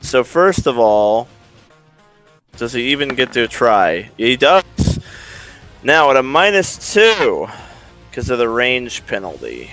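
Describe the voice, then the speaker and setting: A man runs a tabletop session in a relaxed, salty way, tossing off curses as he narrates attacks and rulings. His voice is bright and forward at an ordinary middle pitch. Faint music plays under the talk. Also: takes it slowly, long pauses. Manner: casual, swears often, laughs between rulings. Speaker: game master. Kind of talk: running a tabletop game.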